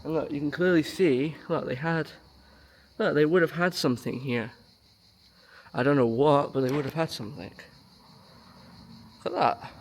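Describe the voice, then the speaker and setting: A man in a casual travel vlog, chatting excitedly as he explores underground ruins and caves. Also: on the high side, normal speed, pauses often, a little hiss or hum. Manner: chatty, excitable, jumpy about bugs. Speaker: travel vlogger.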